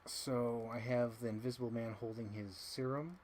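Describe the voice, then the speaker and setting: A man's voice: mid-range voice, fairly even intonation, moderate pace, darkish tone. A man with a mid-range voice chats casually on a live stream, rambling and talking to himself as he works. A faint ambient hum sits behind his voice. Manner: rambling, self-talking while arranging things.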